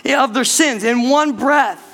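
High, bright-voiced male preacher. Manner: animated preaching, speeds up and slows down, calls out to the church. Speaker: pastor. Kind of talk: sermon.

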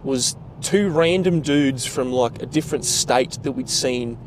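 A man with an Australian accent, co-hosting a podcast and telling stories in a casual, animated way, swearing freely and acting out quotes. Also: mid-range voice, a little slow, background noise. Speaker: podcast co-host. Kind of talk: casual chat.

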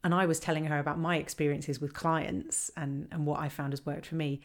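A woman on a podcast explaining how to handle complaints, lively and acting out the lines customers and staff might say. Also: deep voice, a little fast. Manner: animated, acts out quoted dialogue. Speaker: customer service trainer.

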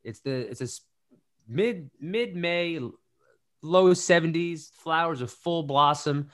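A man hosting a casual chat, playful and animated, repeating phrases for comic emphasis. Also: on the high side, unhurried. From New Jersey. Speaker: podcast host.

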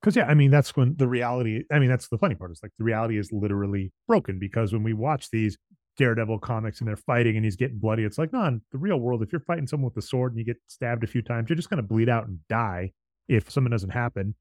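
A man co-hosting a casual chat about comics, explaining at length and retelling scenes with quick quoted voices. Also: mid-range voice, a little mellow, no room sound. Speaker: podcast co-host.

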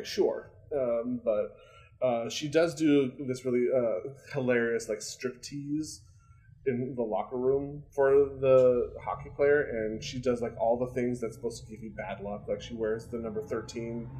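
A man's voice: mid-range voice, fairly even intonation, unhurried, warm tone, rough recording. A man co-hosting a podcast, chatting casually with lots of fillers, swearing and laughter. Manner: rambling, filler-heavy, swears freely, laughs often. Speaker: podcast co-host. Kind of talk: casual chat recapping a sitcom.

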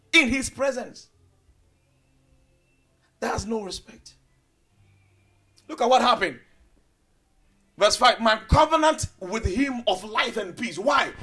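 A man preaching a sermon with passion, swinging between loud declarations and hushed low asides. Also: breathy edge.

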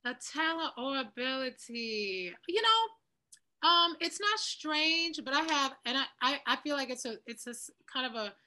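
A woman's voice: high voice, animated, measured pace, pushed and bright. A woman singer and actor, a podcast guest who talks in a bubbly, encouraging way. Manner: bubbly, encouraging, laughs often. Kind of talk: casual chat.

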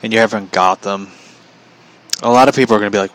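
A man's voice: on the low side, steady tone, fast talker, pauses often, a bit bright. A young man chatting casually on a livestream, rambling, often chuckling and reading out viewer comments. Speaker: vlogger.

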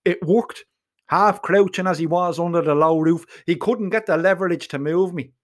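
Salty Dublin storyteller, slightly high voice. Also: male voice, normal speed. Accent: Dublin Irish. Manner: salty, earthy storytelling with swearing and local slang. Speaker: narrator. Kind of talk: first-person audiobook narration.

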